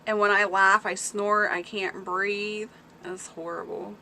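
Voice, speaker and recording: A woman hosts a relaxed livestream in a bright, forward voice, talking at an easy, unhurried pace. She rambles through stories, answers her chat aloud and breaks into frequent laughter. A faint hum sits under her voice. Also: mid-range voice. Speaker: livestream host reading viewer chat. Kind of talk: casual chat.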